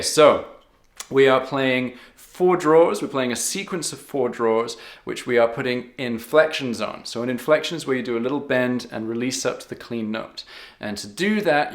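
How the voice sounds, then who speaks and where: A man's voice: medium pitch, moderate pace, echoey room. A man teaching harmonica in a patient, step-by-step way, counting beats aloud. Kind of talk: step-by-step music lesson.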